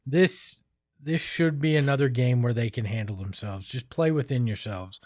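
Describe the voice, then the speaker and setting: A man's voice: mid-range voice, moderate pace, a little mellow, no room sound, studio quality. A young man co-hosting a casual sports podcast, self-deprecating and rambling, often restarting his sentences.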